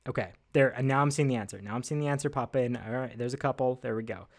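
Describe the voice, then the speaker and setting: A man's voice: medium pitch, fast talker. Casual male livestream host, friendly and self-deprecating, mid-range voice. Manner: chatty, upbeat, self-deprecating, with frequent fillers. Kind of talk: casual livestream trivia hosting. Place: at a desk indoors.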